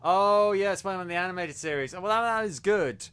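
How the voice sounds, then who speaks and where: A man's voice: high voice, fast talker, a bit bright, clean tone. A man co-hosting a casual review podcast, talking with enthusiasm and lots of fillers and restarts. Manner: enthusiastic, rambling with many fillers. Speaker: podcast co-host.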